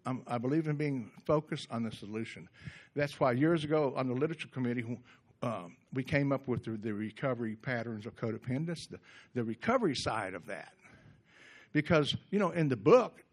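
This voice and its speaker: A middle-aged man giving a gentle, reflective recovery workshop talk in a conversational way, often restarting his sentences. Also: mid-range voice. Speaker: workshop speaker.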